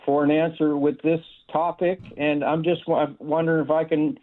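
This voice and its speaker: A man phones into a talk show and lays out a long made-up scenario piece by piece, with some hesitant fillers. His fairly high voice comes through a tinny phone line. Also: level tone, normal speed. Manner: sets out a long hypothetical step by step, hesitant fillers. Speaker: caller. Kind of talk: phone-in question.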